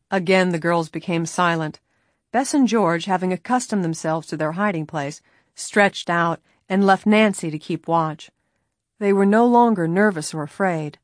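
Reading an audiobook, this fairly low-pitched woman tells the story with measured pacing and expression. The recording is dry.

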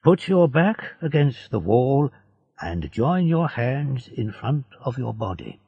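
A man's voice: mid-range voice, big pitch swings, slow, husky, dry recording, voice pushed up, heavily acted. A man reading as a frail old prisoner. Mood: instructing. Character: frail small old male prisoner, sad but kind. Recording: dull lo-fi recording.

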